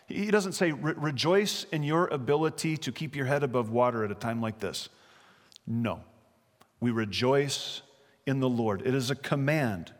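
Earnest man preaching in a reverberant hall. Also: medium pitch. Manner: earnest, emphatic preaching with rhetorical questions and scripture reading. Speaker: pastor. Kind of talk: sermon. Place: church sanctuary. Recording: long reverb of a large hall.

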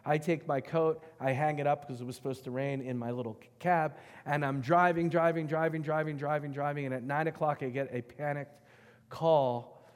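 A middle-aged man preaching a sermon, telling a personal story with animated emphasis and swinging between loud and hushed delivery. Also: a little high, moderate pace. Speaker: pastor. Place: church sanctuary. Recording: reverberant church hall.

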